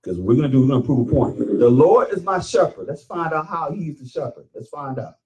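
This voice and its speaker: A man's voice: on the high side, animated, brisk, mellow, recorded from a distance, highs cut off. A man leading a call-and-response Bible lesson, emphatic and questioning, often repeating his phrases. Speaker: teacher leading Bible study.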